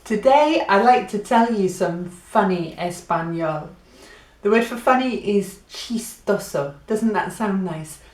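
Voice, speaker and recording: A woman gives a playful Spanish lesson and acts out laughs and animal sounds to make her points. She speaks unhurriedly at a middling pitch, and her voice rings in a roomy, echoing space. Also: expressive, slow. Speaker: Spanish teacher. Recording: echoey room.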